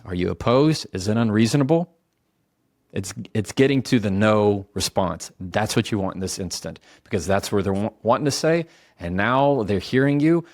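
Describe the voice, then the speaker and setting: A man giving casual advice on calming heated conversations, talking conversationally and slowing his words for emphasis. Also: on the low side, no room sound, clean studio sound. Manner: conversational, self-correcting, slows down for emphasis. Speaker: communication coach. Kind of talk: casual instructional talk.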